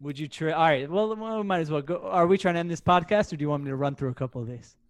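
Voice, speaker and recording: A man hosting a casual sports podcast, talking in an animated way with quick, self-deprecating asides. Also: fairly high pitch, no echo. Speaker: podcast host.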